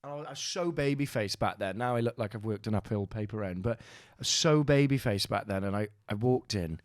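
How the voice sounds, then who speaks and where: A man's voice: on the low side, fairly quick, dry recording, studio quality. A Welsh man hosting a podcast, telling a rambling, sweary, self-mocking story in casual chat. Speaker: podcast host.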